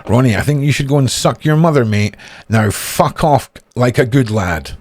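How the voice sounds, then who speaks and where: A Scottish man narrates a feud on his channel, reading messages aloud and mocking them with sarcasm and swearing. His voice sits at a middling male pitch. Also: expressive, moderate pace, a little mellow. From Scotland. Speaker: YouTuber.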